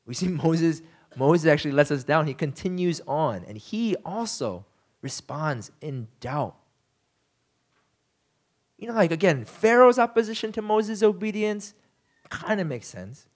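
Guy preaching a chill sermon, kinda high voice, super animated, tons of fillers. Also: moderate pace. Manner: casual, animated storytelling with frequent fillers; acts out quoted lines in shifting voices. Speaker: pastor. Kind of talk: conversational sermon.

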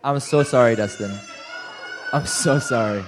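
Animated young male preacher. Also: measured pace, noisy background. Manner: animated and self-deprecating, acting out quotes with big jumps in pitch. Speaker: pastor. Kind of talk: sermon.

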